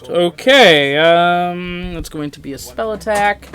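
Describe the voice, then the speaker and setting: A man's voice: sits high, slow, fairly bright tone, a little hiss or hum. A man running a tabletop game as dungeon master, narrating casually with many fillers.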